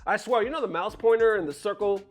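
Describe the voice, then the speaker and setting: A man's voice: high-pitched, fast, soft background music. A man, a content creator, telling a story to camera from his bedroom in a casual, profane and exasperated way. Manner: animated, profane, exasperated retelling.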